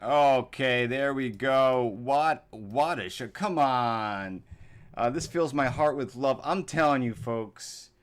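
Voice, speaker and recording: A man's voice: medium pitch, takes it slowly, soft background music. A man vlogger reacting live to his old videos, rambling and earnest as he thinks aloud.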